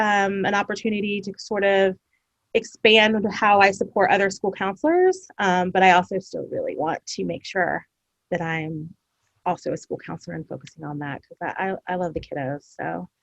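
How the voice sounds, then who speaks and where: A woman's voice: medium pitch, moderate pace, creaky, no room sound. A woman with a Southern US accent, chatting upbeat as a guest on an interview, laughing often. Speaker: school counselor, podcast guest. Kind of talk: casual interview chat.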